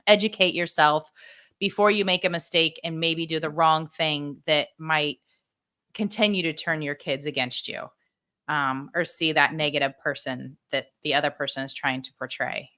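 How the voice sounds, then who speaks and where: A woman's voice: low-pitched, fairly even intonation, moderate pace, pushed and bright. A middle-aged woman, a podcast guest, earnestly telling her own story and giving advice to parents. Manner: earnest, heartfelt.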